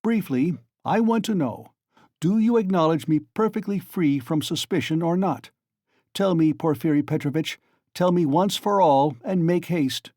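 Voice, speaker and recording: Male narrator doing an enraged young student, shouting, pitched up, dry close sound. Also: normal speed, dry recording, natural voice. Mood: furious. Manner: furious, shouting and demanding. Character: angry young male student, proud and desperate.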